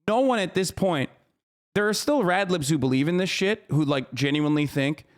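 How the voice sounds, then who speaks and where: A man with a high-pitched voice rants through casual live-stream commentary. He is exasperated and swears often, his speech full of restarts. He sounds like he is in his thirties. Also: lively intonation, moderate pace. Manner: ranting, exasperated, heavy swearing. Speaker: streamer reacting to a clip.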